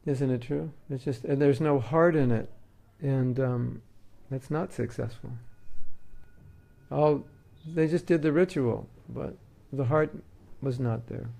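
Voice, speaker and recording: Gravelly-voiced man giving a devotional talk. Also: mid-range voice, slow, dark tone. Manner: conversational, joking, uses homely examples. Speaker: spiritual teacher.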